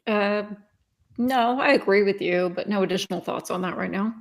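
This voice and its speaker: Female co-host, mid-pitch, brief chatty responses. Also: normal speed, gravelly. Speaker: podcast co-host.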